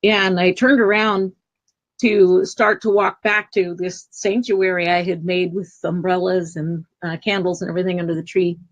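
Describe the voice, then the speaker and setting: A woman guest telling a personal spiritual story in an earnest, emotional, halting way. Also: on the low side, flat delivery, lo-fi sound.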